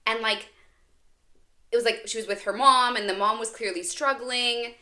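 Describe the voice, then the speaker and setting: A woman co-hosting a podcast in casual chat, chatty and quick to chime in with agreement. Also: on the high side, steady tone, bright, forceful tone. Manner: chatty, frequent agreeing interjections. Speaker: podcast co-host.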